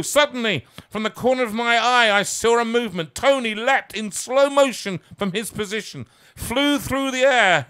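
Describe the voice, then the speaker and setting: A man's voice: high-pitched, smooth. Theatrical man reading his story. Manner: theatrical, self-mocking, swings from hushed to loud. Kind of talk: reading his own comic story aloud.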